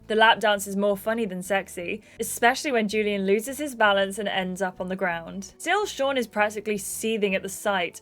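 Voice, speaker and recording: Young woman, gaming host, reads story game aloud, chatty amused asides, mid-pitched voice.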